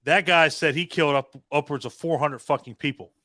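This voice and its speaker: A man's voice: a little high, fairly quick, pushed and bright, dry recording. A man hosting a casual group chat, talking bluntly and swearing freely.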